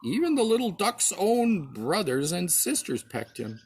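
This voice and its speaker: Husky-voiced dad reading a storybook aloud. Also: male voice, high-pitched, a little slow. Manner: expressive, with small slips and restarts. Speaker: father reading to his child.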